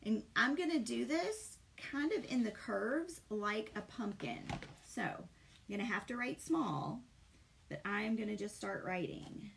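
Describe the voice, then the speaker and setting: A woman's voice: a little high, lively intonation, measured pace, creaky, slight background noise. A middle-aged woman, chatting with viewers and greeting them by name while she paints live. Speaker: painting instructor. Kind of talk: live-streamed craft session.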